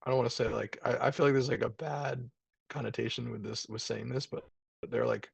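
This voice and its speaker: Male guest on a video call, gravelly and husky, rambling and casual. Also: mid-range voice, little pitch movement, fairly quick, no room sound. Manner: rambling, many fillers and restarts. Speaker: guest, jiu-jitsu brown belt.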